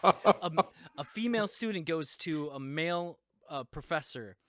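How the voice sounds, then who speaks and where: A man's voice: fairly high pitch, lively intonation, measured pace, a bit bright. A man hosting a podcast, rambling casually with lots of fillers and laughs. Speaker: podcast host. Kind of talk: casual chat.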